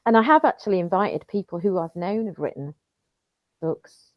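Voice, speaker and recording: A woman's voice: lowish voice, animated, normal speed, no room sound. An earnest woman guest author speaks about her books, often repeating her words. Her voice comes through a dull, dry video call. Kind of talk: interview chat.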